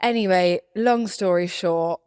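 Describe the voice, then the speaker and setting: A young woman chats through a story on a podcast with a slightly low voice. She acts out quotes and laughs as she goes, and the recording is close and dry. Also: measured pace, a little mellow, clean tone, no room sound. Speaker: podcast co-host. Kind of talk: casual storytelling chat.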